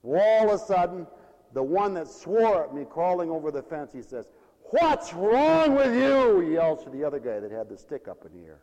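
A man preaches with a high, sweeping voice that rises and falls dramatically. He swings between ringing exclamations and quiet, hushed storytelling. His words echo with a long tail in a large hall. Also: animated, brisk. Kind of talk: sermon. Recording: reverberant hall.

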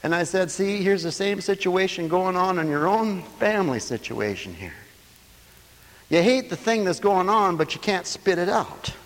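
A man preaching a sermon, telling stories in an animated way and swinging between loud passages and hushed ones. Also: high-pitched, normal speed, in a large hall, poor audio.

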